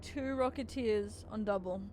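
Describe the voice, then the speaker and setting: A woman's voice: mid-range voice, normal speed, a little mellow, slight background noise. A woman in her thirties streaming, chatting casually and playfully with a friend while gaming. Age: 30s.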